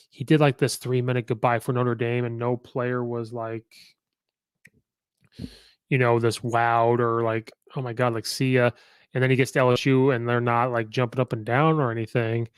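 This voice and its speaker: A man's voice: mid-range voice, little pitch movement, normal speed, smooth, no room sound, studio quality. A man hosting a podcast, giving casual, opinionated sports commentary and rattling off records with many fillers. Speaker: podcast host.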